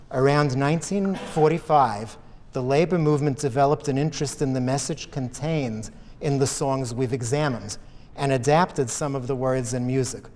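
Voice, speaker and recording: A man narrates a music history program in a measured, explanatory way, quoting lyrics as he analyzes song structure. His mid-pitched voice carries a long reverb tail. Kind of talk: scripted narration mixed with live event commentary.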